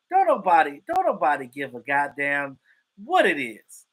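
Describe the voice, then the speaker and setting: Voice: medium pitch, wildly swooping pitch, a little fast. A live stream host giving casual sports commentary and greeting chat viewers. The host is emphatic and profane and repeats points for effect.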